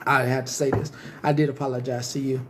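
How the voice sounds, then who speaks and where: A man's voice: medium pitch, little pitch movement, quick pace, noisy background. A man hosting a live stream, ranting casually and cursing heavily as he taunts his viewers directly and rambles through many restarts.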